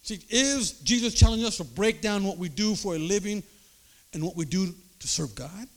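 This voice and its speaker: Older male pastor, raised-pitch voice, emphatic sermon delivery, rhetorical asides. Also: animated, moderate pace.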